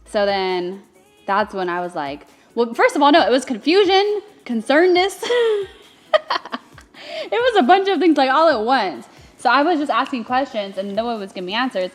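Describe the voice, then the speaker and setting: A woman's voice: a little high, expressive, normal speed, faint music behind. A young adult woman co-hosting, telling a story casually and animatedly, laughing often and getting emotional. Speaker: co-host recounting her engagement.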